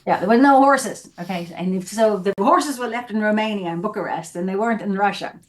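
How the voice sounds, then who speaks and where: An animated woman from South Africa tells stories as a guest in a casual interview. Her voice sits at an ordinary middle pitch for a woman. She acts out the scenes and voices as she talks. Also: a little fast, a crowd in the background. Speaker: actress guest.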